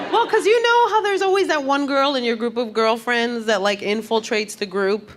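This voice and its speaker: A woman performs stand-up comedy on a club stage, her delivery animated and acted out. She swings her voice up high whenever she quotes somebody. A clear layer of room noise sits under her. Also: a little slow, a crowd in the background. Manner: animated, acts out quoted voices with big pitch jumps.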